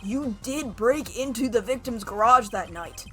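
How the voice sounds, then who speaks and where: A woman's voice: fairly high pitch, lively intonation, bright, forceful tone, faint music behind. A woman reading aloud the part of an earnest, nervous young male defense attorney from a game. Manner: reads game dialogue aloud, slow and deliberate.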